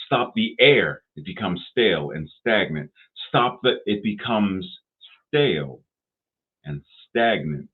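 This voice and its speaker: A man giving a sermon, deliberate and repetitive, asking rhetorical questions. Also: on the low side, lively intonation, breathy edge. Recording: tinny phone-like sound.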